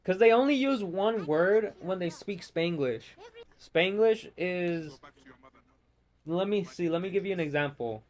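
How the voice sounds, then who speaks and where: Animated yet unhurried, a fairly high-voiced man rants across gameplay with profane, exasperated outbursts. He meanders between complaints casually and without a script, sounding like a host speaking to his channel.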